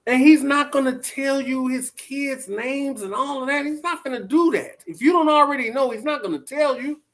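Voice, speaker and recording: A man commentating casually on a live stream, blunt and animated, talking straight to his viewers and chat. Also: extremely high pitch, moderate pace. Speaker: vlogger reacting to live chat.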